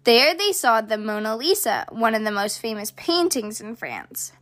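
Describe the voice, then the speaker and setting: A woman hosting a children's story podcast, reading aloud in a gentle, expressive way. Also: on the high side, moderate pace. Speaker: host, storyteller.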